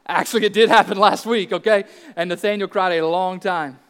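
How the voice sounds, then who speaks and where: A man's voice: sits high, steady tone, fairly quick, a bit bright, clear, resonant tone, big-room sound. A man in his thirties preaching a sermon as pastor, earnest and emphatic, asking rhetorical questions.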